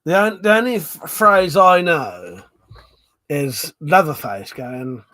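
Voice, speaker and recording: A man chats on his own livestream, his fairly high voice swinging up and down with a lot of life. He rambles through stories, trips over his words and swears freely as he reads out viewer comments. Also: expressive, slow pace, pushed and bright. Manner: rambling and sweary, with many fillers and restarts. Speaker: livestream host. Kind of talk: casual live-stream chat, reading viewer comments aloud.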